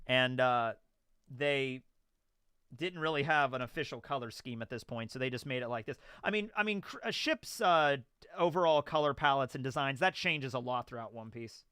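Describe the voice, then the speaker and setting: Bright, clear-voiced man chatting on a dry mic. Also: mid-range voice, moderate pace, dry recording. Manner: rambling, conversational, filler-heavy. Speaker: YouTube host. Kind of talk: casual storytelling and commentary.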